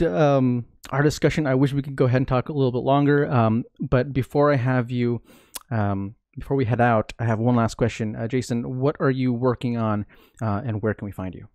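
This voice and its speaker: Man, podcast host, mid-pitched voice, dry close sound, loose and rambly with filler words. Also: normal speed, a little mellow, no echo. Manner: rambling, many "like" fillers and restarts. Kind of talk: casual conversation.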